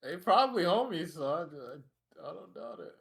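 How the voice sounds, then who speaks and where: A man's voice: on the high side, expressive, moderate pace, vocal fry, a bit bright. Man firing off short profane reactions. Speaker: podcast co-host. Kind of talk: casual chat.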